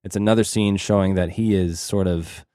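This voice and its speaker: A man with a fairly low voice talks through a film's plot like he's chatting with a friend, rambling and circling back with lots of restarts. He is recorded close and dry, with no room sound behind him. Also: fairly even intonation, moderate pace, dark tone, no echo. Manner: rambling, frequent restarts and hedging fillers. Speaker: podcast co-host. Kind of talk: casual movie recap.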